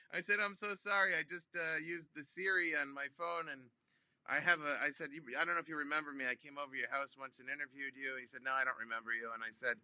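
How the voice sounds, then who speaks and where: A comedian, a man, telling a funny phone-call story in an animated way, with many ums and restarts, acting out both sides. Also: a little high, brisk, no echo. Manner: acts out both sides of phone calls with big voice jumps. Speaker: comedian guest.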